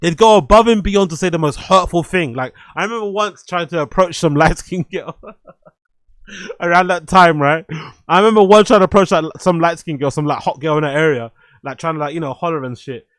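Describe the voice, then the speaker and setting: A man hosting a live stream, giving casual commentary that is animated, repetitive and full of swearing and laughter. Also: on the high side, brisk, no echo. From London. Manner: animated, swears freely, laughs often, repeats phrases. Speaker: streamer host.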